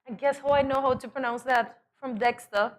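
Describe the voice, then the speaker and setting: A woman's voice: high-pitched, steady tone, brisk. A woman co-hosting a morning show, chatting and joking playfully. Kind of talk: casual chat.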